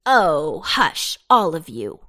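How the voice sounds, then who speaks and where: A woman voicing a brisk, bossy witch who scolds and gives orders in a storybook reading. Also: fairly low pitch, sing-song, dry recording, clean studio sound, exaggerated voice. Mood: scolding.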